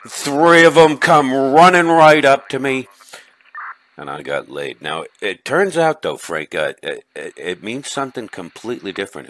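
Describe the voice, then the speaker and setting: A man's voice: sits low, a bit bright, heavily acted. A man playing a brash, chatty middle-aged guy named Vinny, who leaves a rambling, stammering comedic voice message for a friend. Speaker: caller leaving a message for a friend.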